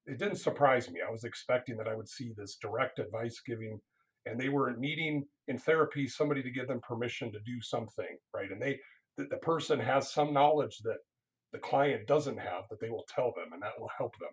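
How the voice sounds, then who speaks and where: A man's voice: medium pitch, highs cut off. A counseling professor telling a story in an interview, acting out the people he quotes. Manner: animated anecdote-telling, acts out quoted people. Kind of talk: conversational storytelling.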